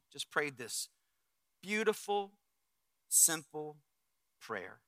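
Animated pastor preaching a story. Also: male voice, on the high side, slow pace, dry recording. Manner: animated, acts out quotes, swings from loud to hushed. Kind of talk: sermon storytelling.

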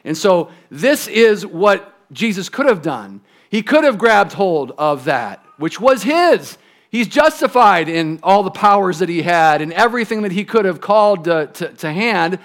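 Guy preaching a sermon, kinda high voice, chatty and emphatic, gets real quiet on the big lines. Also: very animated, measured pace. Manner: conversational, emphatic, drops to a hush on key phrases. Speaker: pastor.

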